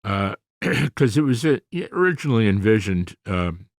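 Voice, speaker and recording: A man in his seventies with a very deep voice talks as a guest on a podcast, recorded dry and close. He rambles in an easygoing way, full of small pauses and fillers. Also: no room sound. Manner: relaxed, rambling, many fillers. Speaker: guest, comedy actor. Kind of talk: conversational interview.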